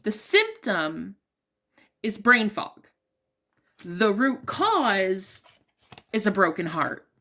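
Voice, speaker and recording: A woman reading tarot cards for her viewers in a loose, casual, heartfelt way. She speaks at a middling pitch and addresses the listener directly, full of "like" and "um". Her tone is open and emotional rather than polished. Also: big pitch swings, very slow, pauses often, pushed and bright. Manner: chatty, emotionally open, talks straight to the listener with many fillers. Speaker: tarot reader.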